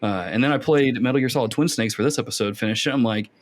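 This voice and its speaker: A man hosting a casual gaming podcast, telling stories with lively reenactments of his younger self. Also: mid-range voice, quick pace, few pauses. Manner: animated storytelling, acts out his younger self. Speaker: podcast host.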